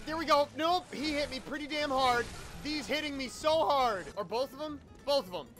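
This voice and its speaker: High, bright, excitable gamer guy. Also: normal speed, hardly any pauses, soft background music. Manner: excitable, swears and shouts at enemies; joking, sarcastic asides. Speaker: YouTube gamer. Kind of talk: let's play commentary.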